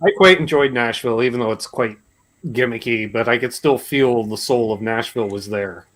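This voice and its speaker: A man's voice: medium pitch, moderate pace, a bit bright. A man in casual chat, chiming in with easygoing agreement and wry asides.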